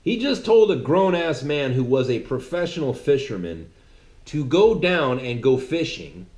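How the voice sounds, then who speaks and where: Animated man preaching, echoey room. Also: medium pitch, a little slow. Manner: animated, mocking, conversational. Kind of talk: sermon-like monologue. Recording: roomy echo.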